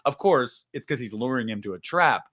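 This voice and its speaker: A man hosting a casual movie discussion, animated and swearing freely, acting out scenes. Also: medium pitch, moderate pace. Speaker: podcast host.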